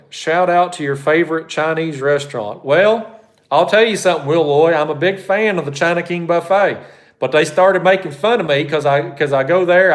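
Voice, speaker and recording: A man hosting a fishing channel, answering viewer questions on a live stream in a blunt, folksy, rambling way. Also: a little high.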